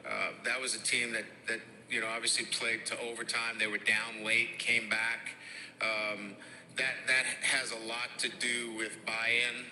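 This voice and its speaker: A middle-aged man, a head football coach with a Boston and Midwestern accent, answering press conference questions in a halting way with many fillers. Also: mid-range voice, monotone, bright, forceful tone, slight background noise, low-quality recording. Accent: Boston and Midwestern with some Louisiana. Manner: halting, heavy on fillers and restarts.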